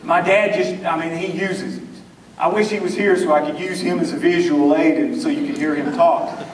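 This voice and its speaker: Man, Southern US accent, very high voice, folksy drawling humor, echoey hall, distant mic. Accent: Southern US rural. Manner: folksy storytelling, drawling jokes. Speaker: speaker. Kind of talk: humorous speech to an audience. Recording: echoey room, mic from far off.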